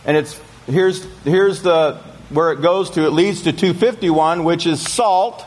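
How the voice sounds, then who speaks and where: A man with a fairly high, unhurried voice teaches his congregation through a sermon. He reads from scripture and often poses questions to keep his listeners engaged.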